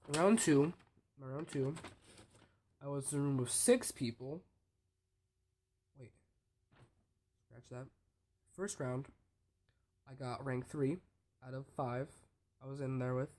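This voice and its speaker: A teenage male student talking casually to camera, rambling with restarts and fillers and often trailing off quietly. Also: fairly high pitch. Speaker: student speech competitor. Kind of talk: casual vlog talk.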